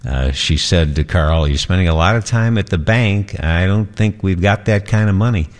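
A man anchoring a morning entertainment news segment, chatty and relaxed, with frequent fillers. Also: low-pitched, moderate pace.

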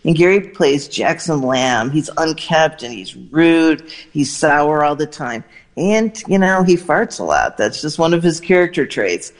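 A woman reporting entertainment news, telling lively, animated anecdotes and quoting people along the way. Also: low voice, a little slow. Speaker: entertainment correspondent. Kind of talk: news segment storytelling.

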